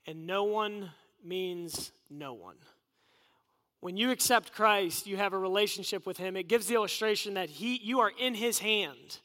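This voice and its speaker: Man, preacher, earnest conversational sermon, high voice, reverberant hall. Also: a little slow, pushed and bright.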